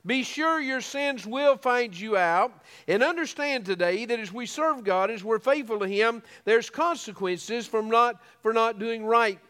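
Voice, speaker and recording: High-voiced preaching man in a reverberant church. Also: a little slow, hardly any pauses, a bit bright. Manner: earnest preaching with repeated restarts. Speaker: pastor. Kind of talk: sermon.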